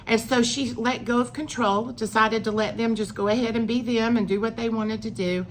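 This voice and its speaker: Middle-aged lady telling a story on her vlog, chatty, acts out the quotes, bit of rumble behind. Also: fairly even intonation, moderate pace, few pauses. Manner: chatty, acts out quoted lines with rising emphasis. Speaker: vlogger. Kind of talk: casual personal storytelling.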